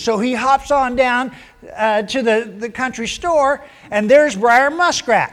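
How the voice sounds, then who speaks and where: A male pastor gives a sermon and tells a tale in a folksy, down-home manner. His voice is fairly high, and he shifts pitch a lot as he narrates. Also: animated, slow pace, fairly bright tone.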